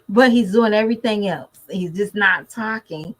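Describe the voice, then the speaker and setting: A woman's voice: mid-range voice, rough recording. A woman, a mother, talking casually and animatedly to her viewers in a vlog. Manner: chatty, animated, talks straight to viewers. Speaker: mother vlogger. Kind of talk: casual chat to camera.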